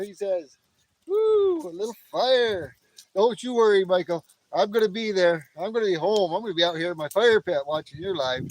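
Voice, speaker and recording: A cheerful, chatty man with a high voice hosts a casual livestream at night from his backyard fire pit, greeting viewers by name and laughing often. He's filmed on a tripod-mounted camera, with a noisy background behind him.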